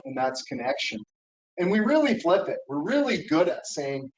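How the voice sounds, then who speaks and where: With a very animated, somewhat high voice at a moderate pace, this middle-aged keynote speaker coaches his conference audience, regularly asking "right?" and "okay?". The hall echoes and the audio is dull and lo-fi.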